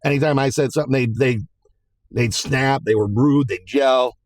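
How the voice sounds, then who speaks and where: A man's voice: medium pitch, moderate pace, no echo. A man in a plain-spoken, casual manner, recounting a personal story.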